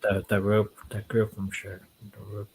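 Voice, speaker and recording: Deep flat-voiced man, faint noise. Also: normal speed. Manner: short replies, hesitant fillers. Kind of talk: casual chat.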